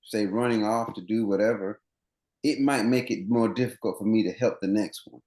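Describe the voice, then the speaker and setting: A man's voice: lowish voice, normal speed, darkish tone, roomy sound. A man running coach, interviewed as a guest on a podcast, explaining things earnestly at length with many restarts.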